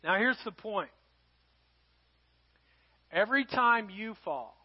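A middle-aged pastor preaching a sermon, telling a family story and swinging between loud emphasis and hushed, quiet lines. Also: male voice, high voice, animated, slow pace, pauses often, breathy edge. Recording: dull lo-fi sound.

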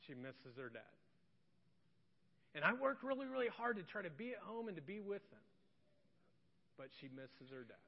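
High-voiced preacher in an echoey hall. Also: male voice, big pitch swings, normal speed, creaky, pauses often. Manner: swings from hushed confessional to loud indignant. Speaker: pastor. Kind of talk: sermon. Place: church sanctuary. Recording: echoey hall, slightly dull.

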